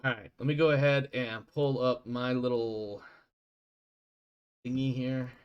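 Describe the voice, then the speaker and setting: A man's voice: mid-range voice, fairly even intonation, a little slow, clear, resonant tone, muffled recording. A man narrating a tabletop game as game master, chatty and self-deprecating, laughing often.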